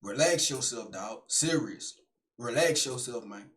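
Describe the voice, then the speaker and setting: A man playing his own calm inner voice in a comedy sketch, talking someone down with slow, low scolding. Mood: soothing, scolding.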